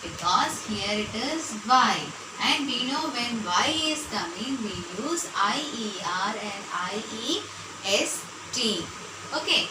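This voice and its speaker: A woman teacher explains grammar to children, drawing out each word patiently and often checking that they follow. Her voice sits a little high and moves slowly. It comes from some way off the mic, in an echoey room with noise behind her. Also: expressive. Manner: patient, repeats words slowly, frequent "okay, children?" check-ins. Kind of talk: classroom grammar lesson. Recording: echoey room, voice from far off, noisy background.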